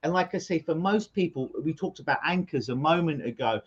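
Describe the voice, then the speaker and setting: A middle-aged hypnotist being interviewed over a video call, explaining his work as an energetic storyteller who often repeats words at the start of sentences. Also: fairly high pitch, brisk, breathy edge, lo-fi sound. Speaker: hypnotist guest.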